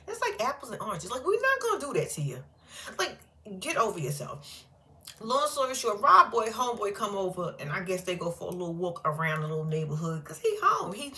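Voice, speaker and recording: Woman ranting about a reality show, real expressive pitch, bright edgy tone, blunt and cussing a lot. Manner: blunt, profane, animated, frequent laughter. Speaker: reality TV recap host. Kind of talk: casual reaction commentary.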